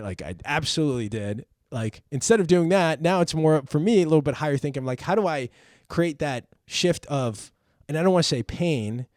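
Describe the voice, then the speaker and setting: A man's voice: medium pitch, dry recording, clean studio sound. A man, a parent and podcast host, tells a personal story in casual chat, rambling, repeating words and swearing freely.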